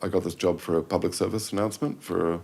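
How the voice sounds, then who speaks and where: A man's voice: deep voice, steady tone, fast, vocal fry, a little mellow, breathy edge. A middle-aged man, a podcast guest, telling rambling anecdotes in casual chat, correcting himself often. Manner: rambling anecdotes with self-corrections and quoted voices. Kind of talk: casual storytelling interview.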